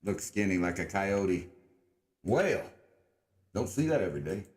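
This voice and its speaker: A man's voice: deep voice, big pitch swings, measured pace, a little mellow. A young man hosting a casual livestream, rambling and sarcastic, cursing freely and putting on a joking mock-redneck drawl. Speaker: livestream host.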